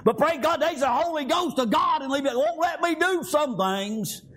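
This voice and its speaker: High-pitched shouting preacher man. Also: animated, moderate pace. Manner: emphatic, rhythmic Pentecostal-style preaching with frequent amens and shouts. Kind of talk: sermon.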